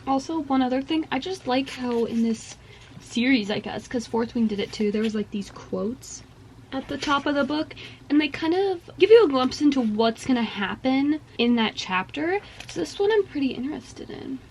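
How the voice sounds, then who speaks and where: A woman's voice: high voice, expressive, normal speed, a little mellow, a little hiss or hum. A young woman in her twenties vlogging while reading, reacting with gushing, emotional exclamations. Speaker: book vlogger. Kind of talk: casual reading vlog chat.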